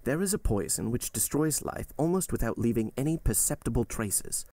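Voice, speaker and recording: A stern middle-aged male doctor lays out his case in a measured, solemn tone, as a man reading the story puts him on. The voice is gravelly and close, in a dry room. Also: medium pitch, lively intonation, mellow, no echo. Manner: solemn and deliberate.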